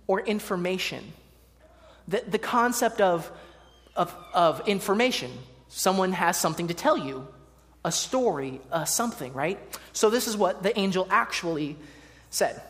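A preacher giving a sermon, reading scripture and talking to the congregation in a conversational way with playful asides. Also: medium pitch. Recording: long hall reverb.

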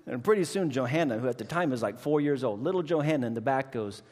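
Storytelling pastor in a reverberant hall. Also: male voice, medium pitch, quick pace. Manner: animated storytelling, acts out voices, preachy cadence. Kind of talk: sermon with personal story.

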